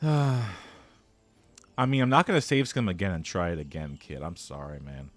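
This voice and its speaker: A man's voice: low-pitched, sing-song, moderate pace. A young man streaming a video game, joking around theatrically and talking to his chat. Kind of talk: casual gameplay commentary.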